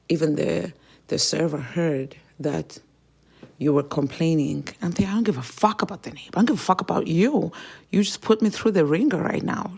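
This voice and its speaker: A woman hosting a podcast, venting about family in a heated, profane monologue that jumps sharply higher and louder when she gets angry. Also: creaky, breathy edge. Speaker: podcast host.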